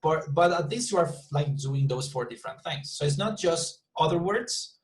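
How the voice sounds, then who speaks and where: A man's voice: fairly high pitch, expressive, normal speed, low-quality recording. A man teaching an English class over a video call, explaining at length, often repeating words and checking in with "you see".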